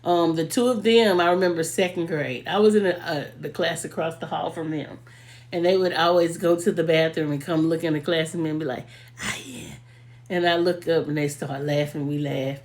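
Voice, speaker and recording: A woman's voice: sits low, fairly even intonation, fairly quick, darkish tone. A young woman, telling heartfelt, emotional stories about a late friend in a casual video, often laughing as she talks. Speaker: vlogger paying tribute to a late friend.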